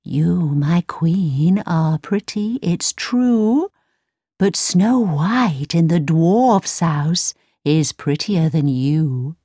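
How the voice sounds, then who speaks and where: A woman voicing a solemn, truthful magic mirror in a storybook reading, speaking slowly and deliberately. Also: sits low, expressive, mellow, breathy edge, dry recording, clean studio sound, heavily acted.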